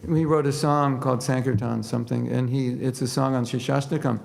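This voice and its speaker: Male spiritual teacher, gravelly mid-pitched voice, casual sermon with jokes, long hall reverb, faint hiss. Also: brisk. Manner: conversational, animated when quoting prayers. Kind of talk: sermon with humor. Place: temple hall.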